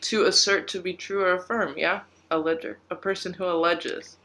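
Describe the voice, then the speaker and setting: A woman's voice: on the low side, little pitch movement, moderate pace, sharp tone. A young woman co-hosting a podcast, bantering playfully and teasing her friend. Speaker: podcast co-host. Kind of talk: casual chat.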